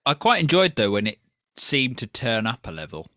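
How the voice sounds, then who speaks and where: A man's voice: mid-range voice, very animated, normal speed, sharp tone, dry recording, studio quality. A man co-hosting a casual film review podcast, joking, interrupting and slipping into mock posh impressions. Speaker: podcast co-host.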